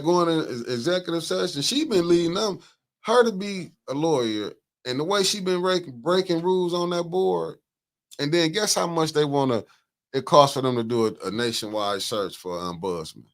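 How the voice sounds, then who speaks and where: A man's voice: on the high side, normal speed. A man hosting a casual morning talk show, joking and teasing his co-host.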